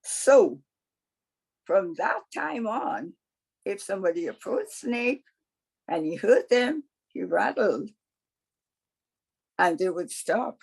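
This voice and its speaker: A woman's voice: mid-range voice, very animated, slow pace, creaky, long pauses, a little mellow, husky. A woman storyteller telling a folktale in a conversational way with wry asides, over a video call.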